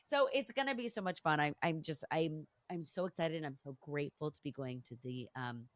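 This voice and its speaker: A woman hosting a podcast interview, effusive and excitable, with many quick affirmations. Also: low voice, no echo. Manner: effusive, frequent backchannels, excitable. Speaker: podcast host. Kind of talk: casual interview chat.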